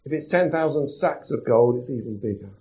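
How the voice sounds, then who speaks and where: A man's voice: medium pitch, animated, fairly quick, a little mellow, rough recording. A man preaching a sermon as pastor, chatty and putting questions to the congregation. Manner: conversational, asks the congregation questions.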